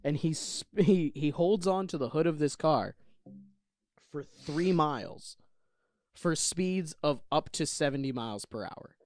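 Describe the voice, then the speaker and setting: A man's voice: a little high, lively intonation, measured pace, darkish tone, no room sound, studio quality. A young man co-hosting a casual comedy podcast, rambling and laughing as he talks. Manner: rambling, self-interrupting, laughs often. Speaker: podcast co-host.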